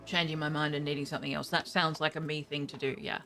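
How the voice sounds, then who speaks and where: A young woman streaming a game, chatting casually and thinking aloud, reacting with quick surprise to what happens. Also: sits low, little pitch movement, over music. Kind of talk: casual live gameplay commentary.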